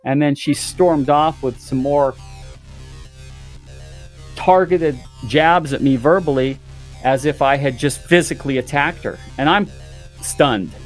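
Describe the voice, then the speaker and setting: A podcast guest tells a story with theatrical flair, playing up the drama and exaggerating for effect. His voice sits a little high and moves a little slowly, with frequent pauses, and faint music plays behind him.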